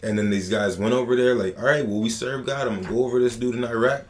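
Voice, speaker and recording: A man hosting a relaxed podcast chat, retelling stories in loose, profane street slang. His voice sits at an ordinary middle pitch, and his delivery is lively and conversational. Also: fast. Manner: slangy, animated storytelling with profanity. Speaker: podcast host.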